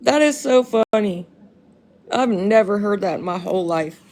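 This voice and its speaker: A woman's voice: mid-range voice, animated, moderate pace, a little mellow. A young woman chatting casually on a phone live stream, slangy and profane, often breaking into laughter while answering viewers.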